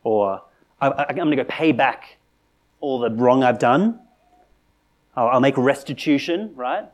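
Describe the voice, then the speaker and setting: A man preaching a sermon in a conversational, earnest way, asking rhetorical questions and rising to animated emphasis. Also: mid-range voice, unhurried. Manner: conversational with frequent restarts and "right?".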